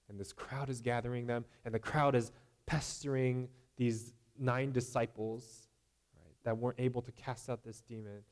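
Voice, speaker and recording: A man's voice: medium pitch, flat delivery, moderate pace, darkish tone. Conversational man preaching a sermon. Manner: conversational, repeating "right?" and acting out imagined voices.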